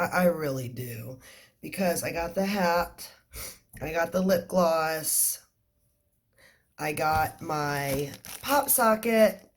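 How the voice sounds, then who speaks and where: A woman, excitedly unboxing makeup in a casual vlog, swearing freely and often saying "you guys". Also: on the low side, a little hiss or hum, rough recording. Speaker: beauty vlogger.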